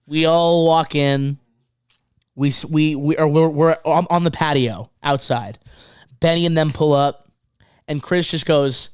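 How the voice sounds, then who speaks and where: Excited, swearing man telling a tour story. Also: fairly high pitch, a little slow, smooth, dry recording, clean studio sound. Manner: excited, swearing, repeats himself, laughs mid-sentence. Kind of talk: casual storytelling chat.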